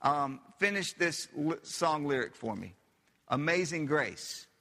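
Male pastor preaching in a church sanctuary; bright, driving delivery, rhetorical questions to the congregation, echoing hall. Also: a little high, expressive, slow pace. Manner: emphatic, repeats phrases, asks the audience questions. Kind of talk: sermon.

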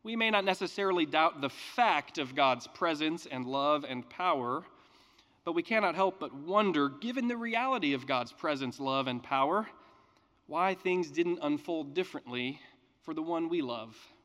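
Earnest preacher with a higher voice. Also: male voice, expressive, moderate pace, fairly bright tone, big-room sound. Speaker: pastor. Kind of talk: scripture reading and sermon.

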